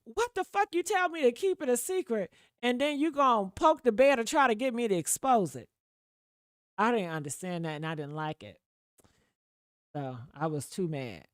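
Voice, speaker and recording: A woman's voice: medium pitch, lively intonation, moderate pace, no echo, studio quality. Chatty, profane woman livestream host. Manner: chatty, profane, with sudden loud outbursts. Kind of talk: casual gossip commentary to a live chat.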